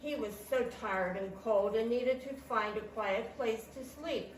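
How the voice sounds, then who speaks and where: Woman reading a picture book slowly. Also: on the high side, slight background noise. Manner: slow, animated read-aloud with sound effects. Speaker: storytime reader. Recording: echoey room, mic at a distance.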